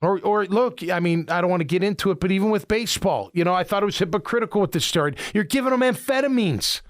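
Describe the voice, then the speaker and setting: A middle-aged man from Illinois, a sports radio host, telling rambling, animated stories with many restarts in casual talk. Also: high voice, fast talker.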